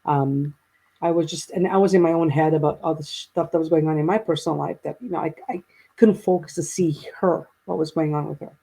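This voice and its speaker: A woman's voice: sits low, a little fast, vocal fry, dark tone, low-quality recording. A woman in her fifties, a guest telling a long personal story in a rambling way, with many restarts and quoted dialogue.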